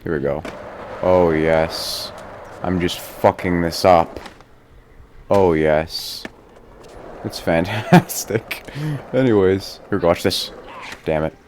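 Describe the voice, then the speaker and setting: A young man with a very low, deep voice rambles through casual gameplay commentary, drifting off topic and swearing freely. He laughs at himself and cuts his own sentences short. A faint ambient hum sits behind him. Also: takes it slowly, pauses often, darkish tone. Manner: rambling, swears often, self-mocking. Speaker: gaming YouTuber.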